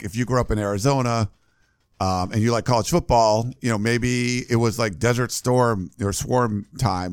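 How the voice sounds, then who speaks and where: A man's voice: on the low side, no echo, studio quality. A man hosting a casual sports podcast, talking loosely with many fillers and restarts about fandom. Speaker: podcast host running a fan message board.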